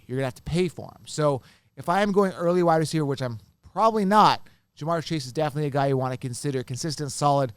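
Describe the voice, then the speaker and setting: Smooth-voiced animated man talking fantasy football. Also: fairly high pitch, dry recording. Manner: animated, repeats points, addresses viewers as guys. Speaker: fantasy football podcast host. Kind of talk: casual solo commentary.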